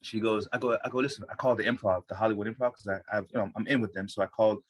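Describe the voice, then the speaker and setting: An American man, a stand-up comedian, telling a story in casual chat, profane and full of restarts. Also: fairly low pitch. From United States. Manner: fast, profane, animated storytelling with many restarts.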